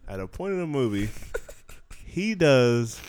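A man hosts a podcast in a loose, joking chat. His voice is smooth and clean at a middle pitch. He laughs a lot between his lines, and the sound is dry and close to the mic. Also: sing-song, measured pace, darkish tone, no room sound. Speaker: podcast host. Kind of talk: casual chat.

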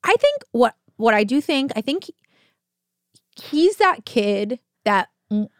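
A woman's voice: on the high side, slow pace, no room sound, clean studio sound. A woman around thirty co-hosting a podcast, chatting casually with exclamations and free swearing. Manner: expressive, exclamatory, swears freely. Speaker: podcast co-host. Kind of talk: casual chat.

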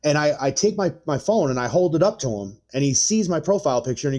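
A man in his thirties telling a story in casual, profane chat, rambling with lots of fillers and getting animated. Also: fairly high pitch, fast, hardly any pauses. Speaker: podcast guest.

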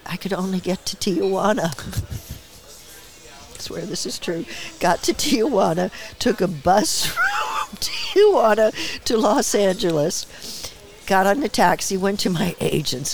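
A woman in her seventies, a guest actress and director, telling stories in a relaxed interview and acting out the voices she quotes, with frequent laughter. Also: mid-range voice, takes it slowly. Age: 70s. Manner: lively storyteller who acts out quoted voices, laughs often. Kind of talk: casual interview storytelling. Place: small bar.

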